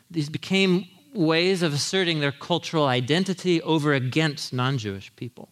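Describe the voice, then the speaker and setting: A man preaching a sermon, telling the story with animated quoted voices and asides to the congregation. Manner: animated storytelling, acting out quotes with big pitch jumps; asides with audience, laughing. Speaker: pastor.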